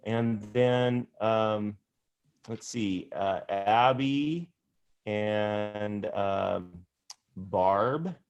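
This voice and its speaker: A man's voice: on the low side, extremely slow, a little mellow, smooth. A man teaching an improv class over a video call, encouraging and casual, with many fillers. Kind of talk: online class instruction.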